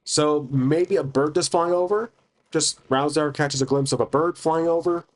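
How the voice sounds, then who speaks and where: A man's voice: a little high, normal speed. A man narrating a solo tabletop game, thinking aloud hesitantly with many restarts.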